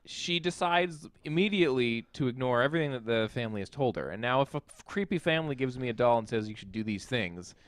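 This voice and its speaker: A man hosting a casual film review chat, animated and profane, acting out quotes from scenes. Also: medium pitch, fast talker, few pauses, no echo. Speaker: podcast host, film reviewer.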